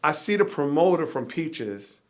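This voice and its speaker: A man as an interview guest, telling a wild, profane anecdote with animated energy that drops at times to a low, tired murmur. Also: a little slow. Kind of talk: storytelling in an interview.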